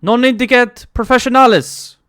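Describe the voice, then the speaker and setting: A man voicing a commanding hidden male elf with a put-on Russian accent, calling out loudly. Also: very high voice, normal speed, no room sound, clean studio sound, voice pushed up. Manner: loud, proclamatory.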